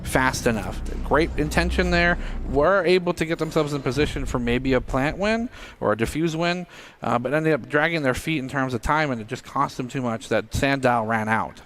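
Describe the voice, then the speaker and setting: Male color caster, mid pitch, analytical, noisy feed. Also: normal speed, a bit bright. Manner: analytical, with filler "uh"s. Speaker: esports caster. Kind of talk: color commentary. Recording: noisy background.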